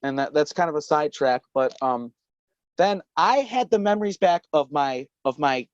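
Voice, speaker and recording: A man's voice: on the high side, expressive, moderate pace, no room sound. Brief: male guest, rambling casual storyteller, curses freely, dry and dull remote audio. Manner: rambling, profane, laughing often. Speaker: podcast guest.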